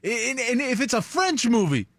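A man co-hosting casual studio banter, arguing his points with quick asides. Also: very high-pitched, big pitch swings, a bit bright, no echo.

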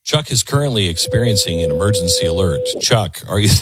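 A man's voice: low-pitched, animated, a little fast, heavy background noise. A man hosting a radio call-in show, speaking earnestly and often repeating words as he gathers his thoughts. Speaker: radio talk show host. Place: radio studio.

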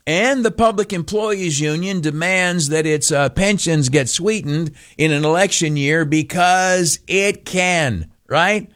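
A man's voice: fairly high pitch, takes it slowly, hardly any pauses, a bit bright. A man hosting a talk radio show, telling a rambling, folksy story with lots of fillers and acted-out voices. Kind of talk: casual talk radio monologue.

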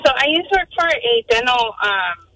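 A woman calling into a radio show, telling a story in an animated way, full of fillers and acted-out quotes. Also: on the high side, normal speed, no room sound, rough recording. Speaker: caller.

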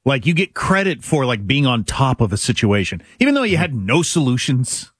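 Wry, lively male radio host. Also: medium pitch, normal speed, husky, no echo, studio quality. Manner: wry, storytelling, teasing. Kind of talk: casual talk radio banter.

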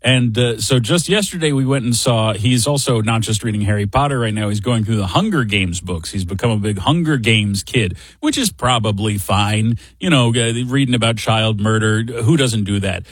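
A man's voice: fairly low pitch, moderate pace, hardly any pauses, husky, no echo. A middle-aged man hosting a show, telling a casual story in a chatty, wry, self-deprecating way. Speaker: radio show host.

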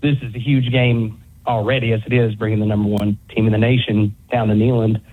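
A man's voice: fairly low pitch, little pitch movement, brisk, breathy edge. A man from Northeast Tennessee calling in to a sports radio show, polite and eager. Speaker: caller. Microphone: telephone. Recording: phone line.

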